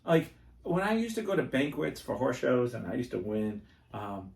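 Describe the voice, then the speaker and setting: A man hosting a casual podcast chat, telling animated stories and acting out the voices of the people he quotes. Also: medium pitch, normal speed, vocal fry, far from the mic. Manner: animated storyteller who acts out quoted voices. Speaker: podcast host. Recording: roomy echo.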